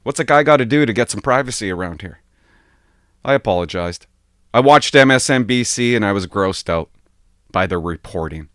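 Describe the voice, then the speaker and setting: Animated man vlogging from a motorhome. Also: on the low side, moderate pace, dry recording, studio quality. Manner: emotional, animated storytelling. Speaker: online commentator. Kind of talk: vlog commentary.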